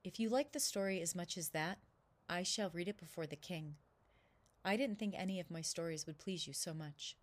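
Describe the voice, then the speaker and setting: A woman voicing a gentle old storyteller man. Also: on the low side, normal speed, close to an everyday voice. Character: kindly old male storyteller, hopeful and gentle.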